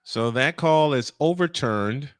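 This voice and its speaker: A man's voice: mid-range voice, expressive, takes it slowly, no echo, clean studio sound. A male play-by-play announcer calling a basketball game in a chatty style, full of rambling, self-deprecating asides.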